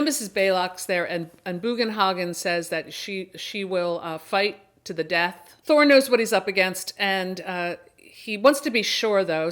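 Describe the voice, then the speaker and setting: A woman's voice: fairly low pitch, fairly bright tone. A woman hosting a horror book and film channel, giving a casual review monologue and retelling the plot with enthusiasm and many restarts.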